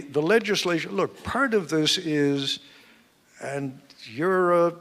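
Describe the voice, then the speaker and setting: Man, author interviewed on stage, measured emphatic talk, echoing event hall. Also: medium pitch, fairly bright tone. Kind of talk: explaining at a live book fair talk. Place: event hall with live audience. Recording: long hall reverb.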